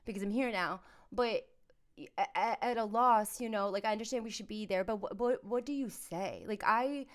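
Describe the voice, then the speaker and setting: A woman hosting a podcast conversation, searching for words in a halting, empathetic way. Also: mid-range voice. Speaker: podcast host. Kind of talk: conversational interview.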